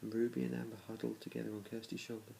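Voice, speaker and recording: Low gravelly dad reading a storybook. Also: male voice, completely flat delivery, rapid-fire, mellow, a little hiss or hum, low-quality recording. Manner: plain reading with small restarts, little change between characters. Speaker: parent reading aloud to his children.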